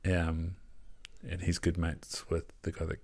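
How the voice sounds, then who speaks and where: A man's voice: low voice, monotone, a little slow, a little mellow. A young man hosting a podcast, chatting candidly and casually, laughing often and swearing. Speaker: podcast host. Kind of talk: casual chat.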